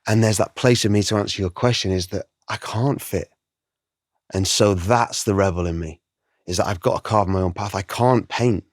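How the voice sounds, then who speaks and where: Deep-voiced middle-aged man, animated storyteller. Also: normal speed, dry recording, studio quality. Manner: animated, acts out quoted voices, emotional. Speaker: guest artist. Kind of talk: reflective interview storytelling.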